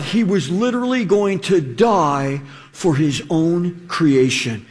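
A man preaching a sermon in an animated, rhetorical way, acting out the quotes he reads. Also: sits high.

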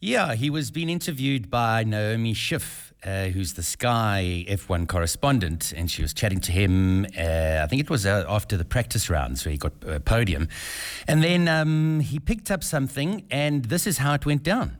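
A male radio co-host with a low voice that rises and falls a lot. He tells stories in a relaxed way, often repeating words as he goes. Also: normal speed. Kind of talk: morning radio chat.

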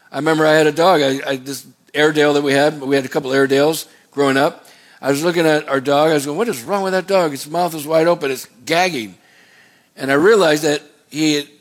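A man preaching as a pastor, reading scripture slowly and drifting into folksy asides. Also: on the high side. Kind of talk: sermon.

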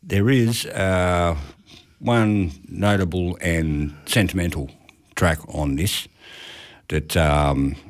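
Low-voiced man, joking host. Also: fairly even intonation, takes it slowly. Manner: laid-back, jokey, drops in "mate" and "no worries". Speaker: radio show host. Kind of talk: casual chat.

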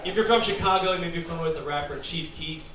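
A man's voice: on the high side, fast. A man doing a stand-up set with dry, sarcastic asides. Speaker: stand-up comedian. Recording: roomy, distant club recording with loud crowd. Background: crowd laughing.

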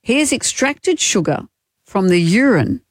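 A woman's voice: mid-range voice, very animated, measured pace, dry recording. A woman co-hosting a radio show, telling stories in casual banter with a dry, teasing manner. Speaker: radio co-host.

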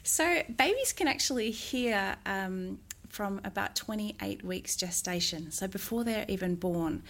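Woman, music therapist, gentle explainer, mid pitch, sing-song demos. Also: lively intonation, unhurried. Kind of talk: interview answers.

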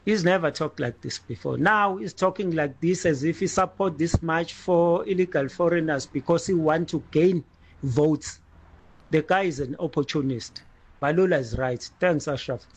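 A man's voice: fairly high pitch, moderate pace, a little hiss or hum, rough recording. A man calling a radio show, blunt and repeating his point. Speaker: radio caller.

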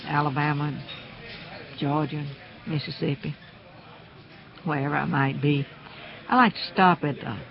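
A man's voice: a little high, creaky. A man, talking in a folksy, chatty, opinionated way. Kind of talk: casual spoken commentary. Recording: dull, muffled sound.

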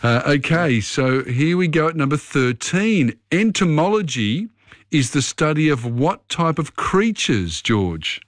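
A man hosting a radio quiz, reading questions briskly with quick asides. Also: a little high, big pitch swings, dry recording. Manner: brisk, friendly quizmaster, quick asides and fillers. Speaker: radio host. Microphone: studio microphone.

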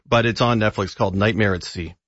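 A man reviewing films in relaxed, halting radio chat. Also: fairly low pitch, dry recording. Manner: relaxed, halting, chatty, with fillers. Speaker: film reviewer on a radio show. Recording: dull, dry studio radio sound.

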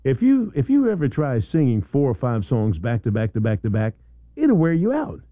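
This radio studio host speaks in a mid-range voice at a moderate pace, rambling through casual chat and event announcements with frequent "you know"s, restarts, and excited outbursts. The audio is tinny and narrow, without echo.

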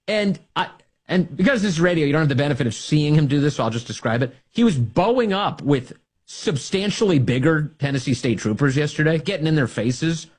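A man's voice: on the high side, lively intonation, fairly quick, breathy edge. A man hosting a talk radio show, delivering a sarcastic, mocking monologue and laughing at his own jokes.

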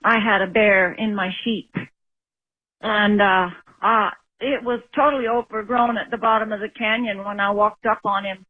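A woman's voice: medium pitch, fairly even intonation, normal speed, slightly rough. A woman, a sheep herder, calling in to tell a plain-spoken story. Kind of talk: phoned-in storytelling. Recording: phone line.

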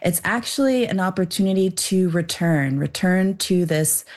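A woman's voice: lowish voice, animated, moderate pace, a little mellow. A young woman, a filmmaker guest in an interview, explaining her subject thoughtfully with frequent fillers. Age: young adult. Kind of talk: interview answer.

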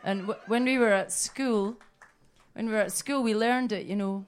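A woman's voice: medium pitch, fairly even intonation, moderate pace, clean tone, soft background music. A Scottish woman, a folk singer on stage, telling jokey stories between songs and coaxing the audience to sing along. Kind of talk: chatty between-song banter.

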